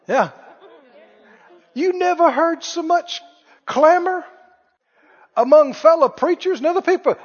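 A man's voice: very high-pitched, animated, measured pace, long pauses, slightly rough. A man preaching a sermon in a folksy, joking way, mocking critics with mock wails. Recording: reverberant hall, dull lo-fi sound.

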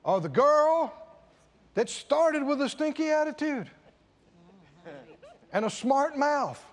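A very high-voiced male preacher swings his pitch widely as he drives his points home with repetition and quick questions. He speaks slowly and deliberately. A long hall echo trails every line. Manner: animated, questioning the congregation, emphatic repetition. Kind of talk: sermon.

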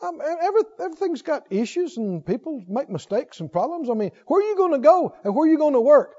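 A male preacher giving an emphatic sermon, moving between loud declarations and quiet reasoning, on a dull lo-fi recording. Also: very high voice, big pitch swings, fast talker, long reverb tail.

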